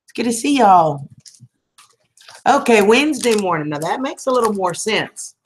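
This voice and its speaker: A woman's voice: medium pitch, expressive, moderate pace, slight background noise. A woman, hosting a casual livestream and chatting affectionately with viewers, calling them sweetheart and hon. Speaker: livestream host.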